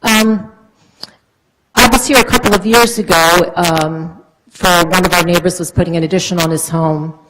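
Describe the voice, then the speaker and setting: A woman's voice: on the low side, steady tone, normal speed, crowd noise, low-quality recording. A woman resident speaking earnestly at a town council meeting, explaining at length with frequent fillers. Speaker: resident speaking at public comment. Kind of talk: public comment at a council meeting.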